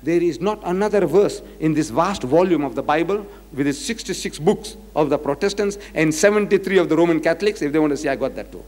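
A man giving a lively religious lecture, emphatic and repetitive as he cites scripture. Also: fairly high pitch, quick pace, few pauses. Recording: echoey lecture hall.

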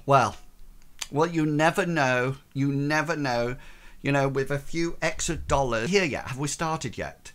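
Male streamer, fairly high, bouncy voice, jokey and self-mocking. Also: animated, a little slow, pushed and bright. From United Kingdom. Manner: playful, self-mocking, chatty. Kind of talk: casual game stream chat.

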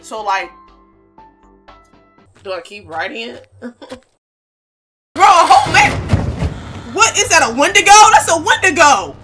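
A woman hosts horror game commentary in a bright, high voice that leaps all over the place. She shrieks at scares and teases the characters in slangy asides. Game music plays clearly underneath. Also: very animated, slow pace, pauses often. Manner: loud, jumpy, yelps and shouts at scares. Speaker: gaming channel host.

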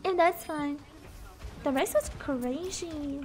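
A young woman streaming a game, chatting casually, sleepy, chatty and loudly reacting to the play. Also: high voice, slow pace, soft background music. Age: young adult. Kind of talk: casual gameplay chat.

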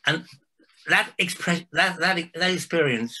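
Older man, husky, bright, halting storyteller, restarts. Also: on the high side, animated, low-quality recording. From Denmark. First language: Danish. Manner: halting, with restarts and soft laughs. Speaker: guest. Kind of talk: storytelling in conversation.

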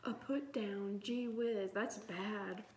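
A woman's voice: a little high, expressive, moderate pace, a little hiss or hum, voice pushed up. Field: storybook reading. Figure: a woman doing a taunting schoolboy. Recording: roomy. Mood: mocking. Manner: taunting, sarcastic. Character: cocky, mocking sixth-grade boy. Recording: roomy echo.

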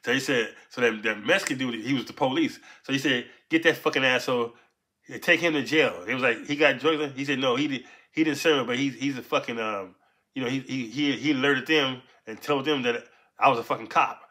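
A man casually telling a story from his past in street slang, punctuating it with "right?" and "so boom". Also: fairly quick, pushed and bright. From Los Angeles.

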